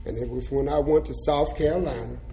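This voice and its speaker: An older man giving an impassioned rally speech in colloquial, folksy phrasing, moving between shouted slogans and quiet reflection. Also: medium pitch, fairly quick, a little hiss or hum, rough recording. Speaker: activist speaker.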